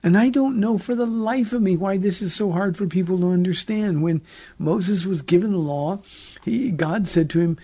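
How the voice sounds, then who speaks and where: A man's voice: high voice, normal speed, warm tone, husky, dry recording. A man, a pastor hosting a call-in radio show, teaching the Bible in a folksy, conversational way with jokes and stern emphasis.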